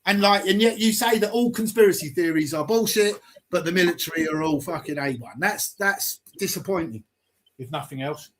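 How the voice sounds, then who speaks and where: A man hosting a live stream, arguing heatedly, swearing and firing rapid rhetorical questions. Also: high-pitched, slight background noise.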